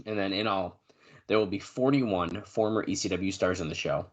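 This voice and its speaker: A man co-hosting a podcast in casual chat, reading news notes aloud with fillers and now and then clearing his throat. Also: low voice, moderate pace. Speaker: podcast co-host.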